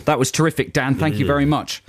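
A man's voice: on the high side, flat delivery, fast, dry recording. A man co-hosting a radio show, bantering casually and reading out listener letters. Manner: playful, puts on a mock Australian accent when reading. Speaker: radio co-host.

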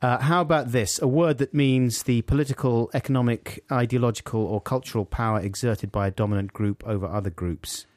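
A man co-hosting a casual podcast, wry and self-mocking about his own slips. His voice sits mid-pitch and comes across close and dry. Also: a little fast, hardly any pauses, darkish tone, no echo. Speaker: podcast co-host. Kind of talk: casual chat.

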